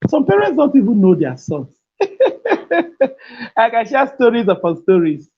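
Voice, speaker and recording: A woman's voice: mid-range voice, big pitch swings, normal speed, husky. A woman gives an emphatic, preachy parenting talk, repeating her key phrases and laughing between points. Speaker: parenting speaker. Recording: dull lo-fi recording.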